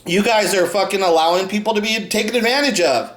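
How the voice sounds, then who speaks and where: Fast-talking, with a high and fairly bright voice, a male podcast co-host rants angrily and with contempt. Swearing runs through every line, and the room is echoey.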